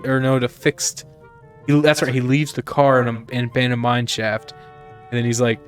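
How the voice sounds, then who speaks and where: A young man hosting a let's play in casual gaming chat, an animated storyteller who swears casually. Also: mid-range voice, moderate pace, soft background music.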